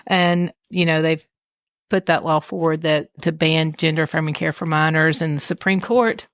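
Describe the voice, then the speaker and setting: A woman's voice: low-pitched, steady tone, normal speed, no room sound, studio quality. A woman co-hosting a podcast, asking long, rambling questions in a casual, conversational way. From Tennessee. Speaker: podcast co-host. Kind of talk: casual interview chat.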